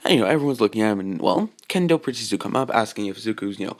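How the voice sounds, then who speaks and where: A man improvising a fan-fiction story out loud, rambling with many fillers and asides. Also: fairly low pitch, expressive, racing.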